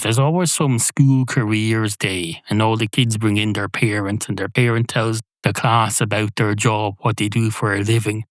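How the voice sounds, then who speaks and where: A man hosting a podcast, rambling through an improvised comic monologue in a deadpan way, with sudden high yelps and swearing. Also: normal speed, hardly any pauses, no room sound. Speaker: podcast host.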